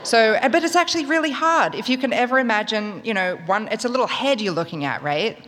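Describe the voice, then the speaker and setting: A woman's voice: fairly high pitch, expressive, quick pace, fairly bright tone. Australian woman telling a story in a hall. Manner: wry, humorous, conversational. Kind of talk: live spoken storytelling. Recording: long reverb of a large hall.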